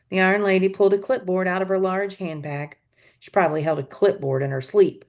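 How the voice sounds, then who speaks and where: A woman teacher reads a children's novel aloud in an expressive storytelling voice. Her voice sits a little low, and she now and then drops in a short aside of her own. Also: a little fast, gravelly, dull audio.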